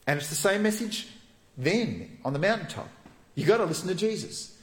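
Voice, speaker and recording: Lively man preaching in an echoey hall. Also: high voice, moderate pace. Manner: lively storytelling preacher who drops to soft, hushed tones. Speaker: pastor. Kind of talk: sermon.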